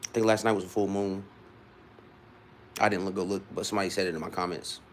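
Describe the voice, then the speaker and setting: A man's voice: deep voice, fairly even intonation, quick pace, a little hiss or hum. A young man in his twenties from Ohio, rambling casually to his live-stream viewers with loose restarts. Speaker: livestreamer.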